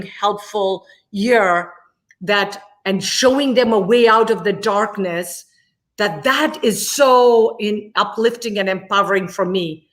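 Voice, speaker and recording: A woman's voice: mid-range voice, a bit bright. Passionate woman speaking emphatically. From India. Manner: passionate, emphatic, repeats key words for stress. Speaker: guest, immigration attorney.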